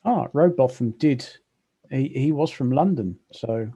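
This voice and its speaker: A man's voice: mid-range voice, lively intonation, warm tone, husky. A man bantering playfully in a casual livestream chat. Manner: playful, jokey, quick banter.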